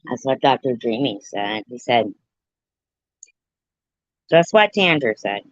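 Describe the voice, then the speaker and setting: A woman livestreamer telling a story and joking with her viewers in an animated, playful way, on a dull, dry lo-fi recording. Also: extremely low pitch, dry recording. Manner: animated, jokey, slow and drawn out. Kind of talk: casual storytelling and chat.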